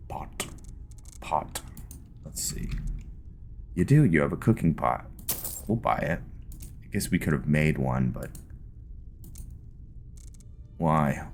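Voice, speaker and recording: A man hosting a let's play video, giving relaxed, casual gameplay commentary and thinking aloud with fillers. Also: very deep voice.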